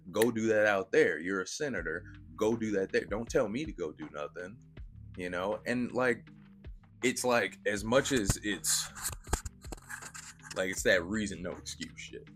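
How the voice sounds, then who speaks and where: A man giving a casual, slangy and profane film review, retelling scenes with animated energy. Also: low-pitched.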